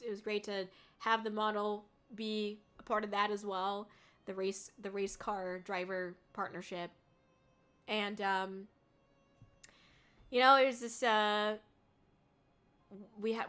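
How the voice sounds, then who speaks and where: A young woman streaming live, chatting casually with viewers, rambling and swearing often, and shrieking with excitement when she thanks them. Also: medium pitch. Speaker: VTuber streamer.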